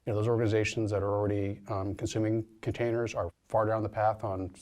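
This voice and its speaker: A man's voice: on the low side, level tone, fast talker, a little mellow. A man with a Boston accent, co-hosting a casual chat as an industry analyst, chatty and thinking aloud. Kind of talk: casual discussion.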